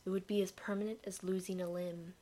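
A woman's voice: lowish voice, flat delivery, a little fast, dark tone, close to an everyday voice. Woman doing a sly whispering ice creature. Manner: teasing, coaxing, often whispered. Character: small sly female ice creature, mischievous collector.

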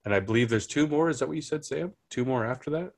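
A man in a casual book chat, speaking softly and relaxed. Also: mid-range voice, quick pace, no echo.

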